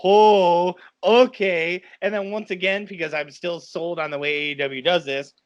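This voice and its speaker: A man co-hosting a wrestling review podcast, telling stories excitedly with lots of fillers in casual chat. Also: a little high, highs cut off. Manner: excitable, quick storytelling with many fillers. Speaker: podcast co-host.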